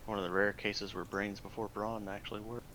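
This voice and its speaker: A man's voice: on the low side, little pitch movement, brisk, fairly bright tone, a little hiss or hum. A man playing a tabletop game, chatting casually with rambling asides. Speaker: player.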